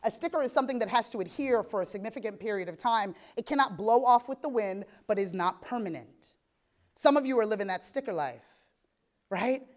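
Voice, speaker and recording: A woman in her thirties, an animated keynote speaker giving a motivational talk at a conference, often checking in with "right?". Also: on the high side, fairly quick. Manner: animated, repeats "right?" to the audience. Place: conference hall.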